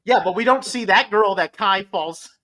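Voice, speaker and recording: Animated man hosting a casual review chat. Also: high voice, normal speed. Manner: animated, rambling with restarts. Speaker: podcast host.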